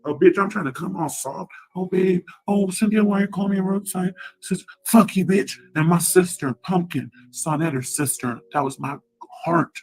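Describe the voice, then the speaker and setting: A woman ranting on a livestream, combative and profane, with sudden loud outbursts. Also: on the low side, normal speed, hardly any pauses.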